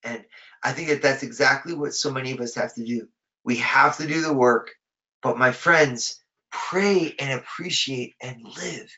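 A man's voice: medium pitch, normal speed, sharp tone, muffled recording. A man preaching a sermon in a conversational way, often repeating words as he rephrases his thoughts.

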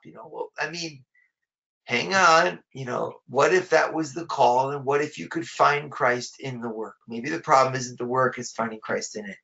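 A man preaching a sermon with a fairly high, bright, forceful voice. He talks in a loose, conversational way and often repeats himself mid-thought. The recording sounds a little muffled and lo-fi. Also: normal speed, vocal fry. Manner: conversational, repeats words while rephrasing.

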